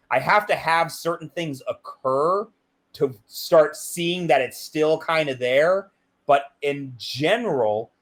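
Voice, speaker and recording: A middle-aged man, a guest in an interview, telling a candid personal story and acting out the dialogue in it. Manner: animated, acts out quoted dialogue with big pitch jumps.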